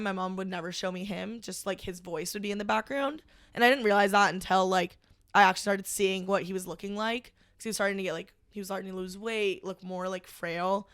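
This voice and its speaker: A woman's voice: medium pitch, a bit bright, clean tone, no echo. Young woman guest rambling w lots of "like", dry close sound. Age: young adult. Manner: halting, heavy use of "like", emotional retelling. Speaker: podcast guest. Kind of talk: casual conversation.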